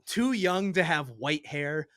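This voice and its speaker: A man co-hosting a podcast, telling a story in a casual, animated, profane way and acting out other people's lines. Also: fairly high pitch, slow, dry recording, studio quality. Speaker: podcast co-host.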